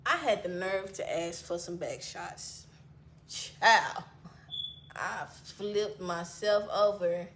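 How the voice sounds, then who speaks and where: A young woman telling a personal story in a casual vlog, animated and laughing, swinging between hushed asides and loud outbursts. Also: medium pitch, takes it slowly, slight background noise.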